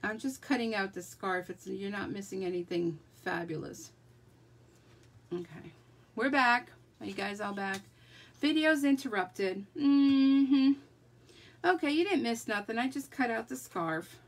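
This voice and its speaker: With a mid-range, slightly bright voice, lively intonation, and a moderate pace, a woman runs a live card-making demonstration, chatty and talking to herself as she crafts.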